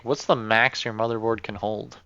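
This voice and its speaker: A man's voice: fairly low pitch, little pitch movement, moderate pace, a bit bright, clean tone, muffled recording. A man co-hosting a casual chat, talking in a dry, teasing way. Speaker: co-host.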